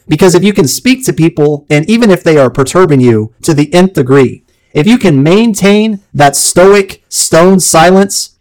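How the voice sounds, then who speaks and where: A theatrical man hosting a solo podcast, his voice sitting a little higher than most men's. He strings ornate words into punchy lists. When he quotes, he sinks low and slow. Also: poor audio. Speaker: podcast host.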